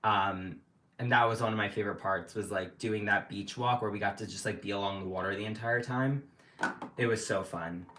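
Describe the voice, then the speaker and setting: Lowish-voiced young man rambling casually. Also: a little fast, bright, forceful tone, a little hiss or hum. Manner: chatty and rambling, full of "like" fillers. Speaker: livestream host. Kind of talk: casual chat. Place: at home. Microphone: livestream setup.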